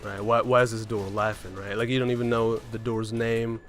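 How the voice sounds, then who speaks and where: A man's voice: on the low side, level tone, a little fast, soft background music. A man casually telling a story about a game run, rambling along and often tagging on "right?" and "man". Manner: rambling, keeps asking "right?" and saying "man".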